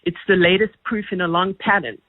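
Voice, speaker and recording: A woman's voice: on the low side, fairly even intonation, brisk, dry recording. A woman calling a radio show, making firm, prepared points with emphasis. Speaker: caller. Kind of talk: radio call-in opinion. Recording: tinny phone line.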